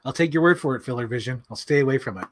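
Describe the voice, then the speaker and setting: A man hosting a casual livestream, answering chat in an animated, excitable way with many fillers. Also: medium pitch, racing, slight background noise. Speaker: livestream host reading chat.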